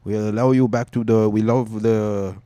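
Hammy accented elder, loud and high, a man putting it on. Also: fairly even intonation, normal speed, clean tone, dry recording, lightly acted. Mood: boastful. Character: grandiose male Palestinian elder, mock accent.

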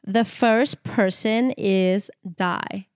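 A woman's voice: mid-range voice, fairly even intonation, very slow, darkish tone, clear, resonant tone. A young woman co-hosting a podcast in casual chat, blunt and giggly, swearing freely. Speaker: podcast co-host.

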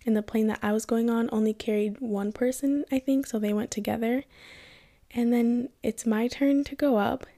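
A woman's voice: fairly high pitch, normal speed. A young woman from Kenya telling a personal story in a casual vlog, acting out the voices of the people she quotes. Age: young adult. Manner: animated, acts out quoted voices. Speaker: vlogger.

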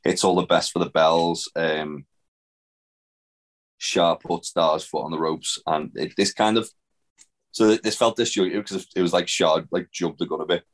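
A man's voice: low-pitched, fairly even intonation, moderate pace. A man co-hosting a podcast, recapping wrestling in a rambling, casual way, swearing freely and with lots of fillers. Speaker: podcast co-host. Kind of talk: casual wrestling review chat.

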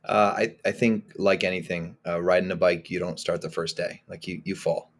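A man with a very low voice talks as a podcast guest. He speaks casually and with emphasis and often stumbles and repeats words as he gets going. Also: normal speed. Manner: animated, emphatic, repeats words when starting thoughts. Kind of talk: casual conversational interview.

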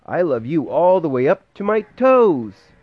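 A man voicing a small, eager young male hare in a bedtime storybook reading, raising his voice higher and louder for the part. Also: measured pace, no room sound, highs cut off. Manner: excited, earnest, higher than the reader's voice.

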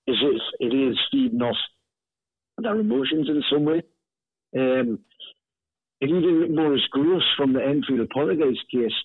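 A man, a guest author telling a ghost story in an animated way, often repeating words. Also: medium pitch, slightly rough, no echo. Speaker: author and paranormal investigator, guest. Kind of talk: conversational storytelling. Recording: tinny phone-line call audio.

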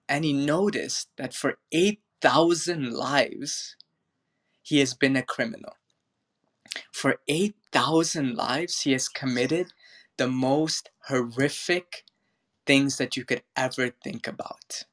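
A man giving a spiritual talk in an online audio room, telling a parable earnestly with slow, emphatic stresses, on a phone mic. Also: medium pitch, fairly bright tone. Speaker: spiritual speaker.

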